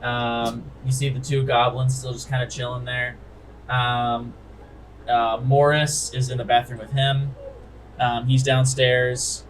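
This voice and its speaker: A man's voice: mid-range voice, level tone, measured pace, slight background noise, low-quality recording. A young man narrating as game master, casual and filled with ums and likes.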